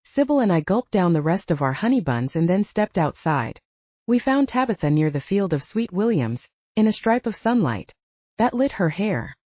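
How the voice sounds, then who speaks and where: A woman narrating a first-person audiobook in a steady, even reading. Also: mid-range voice, normal speed, no echo, highs cut off.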